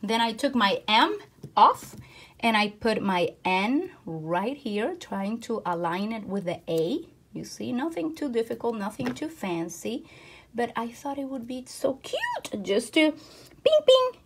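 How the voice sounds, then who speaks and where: A woman vlogging a casual craft tutorial that turns into devotional talk, speaking with enthusiastic, expressive exclamations. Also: high-pitched.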